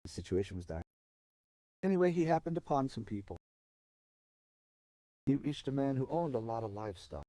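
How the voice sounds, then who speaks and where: A man telling a folk tale aloud, moving expressively between soft and emphatic delivery. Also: medium pitch, sing-song, moderate pace, long pauses, dry recording. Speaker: storyteller. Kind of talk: dramatic oral storytelling.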